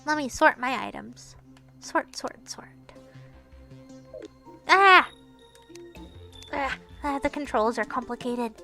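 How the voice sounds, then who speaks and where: A woman's voice: on the high side, moderate pace, vocal fry, fairly bright tone, faint music behind. A woman talking through her game in casual, playful commentary, chatty and narrating her own moves, with bursts of teasing mock scolding. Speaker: gaming streamer.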